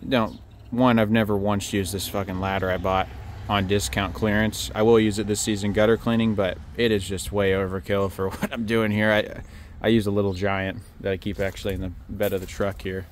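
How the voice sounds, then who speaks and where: A man talks in a low, level drone with almost no rise or fall, walking through his work setup outdoors. He is blunt and casual, curses easily, and slips in dry jokes about himself. Light outdoor noise sits under the voice. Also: a little fast, few pauses. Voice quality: monotone. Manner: blunt, casual, swears, dry self-mocking humor. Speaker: pressure washing business owner. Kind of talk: casual walkthrough vlog. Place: outdoors beside a work trailer.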